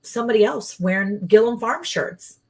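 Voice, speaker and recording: A woman co-hosting a casual livestream, chatty and rambling, often quoting people in lively voices. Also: fairly high pitch, moderate pace. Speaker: livestream co-host.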